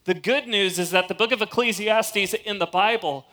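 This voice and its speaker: A man preaching a sermon to a crowd in an outdoor ballpark, energetic and emphatic, slowing down to repeat his key lines. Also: high-pitched. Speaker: campus ministry preacher.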